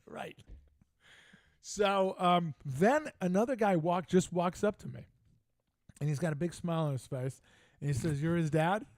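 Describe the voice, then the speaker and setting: A man's voice: high voice, normal speed, a little mellow, no room sound. An older man hosting a casual sports talk show, telling brash, joking stories with lots of animation. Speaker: podcast host. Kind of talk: casual storytelling chat.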